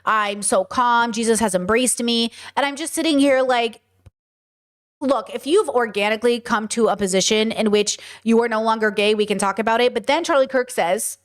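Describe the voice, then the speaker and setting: A woman with a high, bright-pitched voice talks straight into her mic as a podcast host reacting to clips. She is blunt and profane and keeps drifting off on tangents. The delivery stays loose and conversational. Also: brisk. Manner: blunt, profane, rambling asides. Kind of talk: casual commentary.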